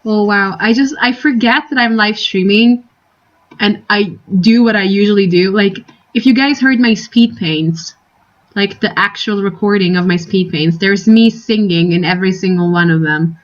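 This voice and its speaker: Young female streamer, casual and giggly, wanders off-topic; mid-pitched, muffled home mic. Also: normal speed. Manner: rambling, giggly, full of tangents. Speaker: live-streaming artist. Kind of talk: casual live-stream chat.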